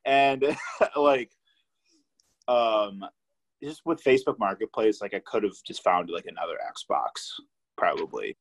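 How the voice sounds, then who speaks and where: A young man hosts a casual podcast chat, his voice sitting a little low. He talks in a relaxed, rambling way, swears freely and pads his sentences with fillers. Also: measured pace, long pauses, rough recording. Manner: laid-back, swears a lot, many fillers. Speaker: podcast host.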